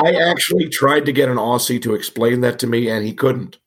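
A man with a cold and a raspy, gravelly voice, co-hosting a casual podcast with wry, self-mocking asides. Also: medium pitch, brisk. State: has a cold. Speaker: podcast co-host.

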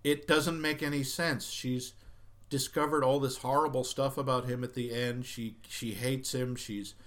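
A man's voice: medium pitch, steady tone, measured pace, a bit bright. A man in casual chat, reviewing a film with sarcastic, dismissive remarks.

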